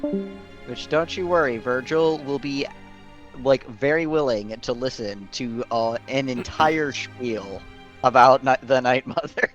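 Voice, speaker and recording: Jokey, laughing man at a middle pitch. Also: a little slow, dull audio, faint music behind. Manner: jokey, laughs often, playful. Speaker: tabletop game player. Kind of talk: casual chat after a game session. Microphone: voice call microphone.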